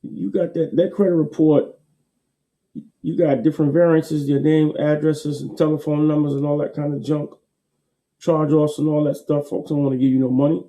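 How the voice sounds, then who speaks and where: A man gives a casual motivational talk. His tone is very dark and mellow, sitting a little high. He repeats his points emphatically in a folksy way. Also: flat delivery, moderate pace. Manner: folksy, repetitive, emphatic with laughs.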